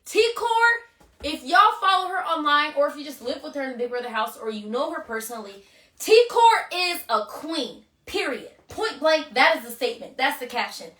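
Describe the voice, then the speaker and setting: An emotional woman chats casually on a phone livestream, gushing through her shout-outs. Her voice is bright and forceful, and it sounds distant in a roomy, echoing space. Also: high-pitched, lively intonation, fairly quick. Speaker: reality show contestant hosting a livestream.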